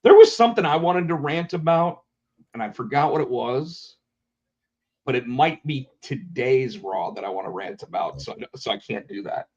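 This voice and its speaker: With a mid-range voice at normal speed, a podcast co-host swaps stories in a casual chat, bringing the quotes to life in animated fashion. The sound is lo-fi.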